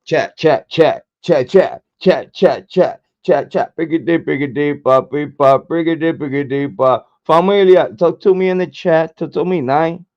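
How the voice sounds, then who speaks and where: Hoarse, slow-talking livestream host. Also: male voice, on the high side, a little mellow, highs cut off. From Puerto Rico. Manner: profane, repetitive hype chants. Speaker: true crime livestream host. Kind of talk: hyped livestream chat. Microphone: desk microphone, camera off.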